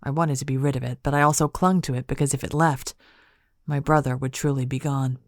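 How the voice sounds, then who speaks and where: A woman with a low voice reading a fantasy audiobook in the first person. Her delivery is measured and expressive. The recording is close and dry. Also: dry recording. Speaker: audiobook narrator. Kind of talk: scripted audiobook narration.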